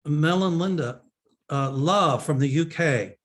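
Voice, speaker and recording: A man's voice: a little high, takes it slowly, fairly bright tone. A man putting on a cheerful British letter-writer. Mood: playful. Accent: British, put on. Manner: playful, exaggerated reading.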